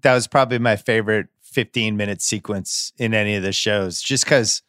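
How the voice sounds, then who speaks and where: A man's voice: on the low side, fairly quick, fairly bright tone, dry recording, clean studio sound. A man hosting a podcast, chatting casually, enthusiastic and blunt, swearing now and then. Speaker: podcast host. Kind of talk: casual chat.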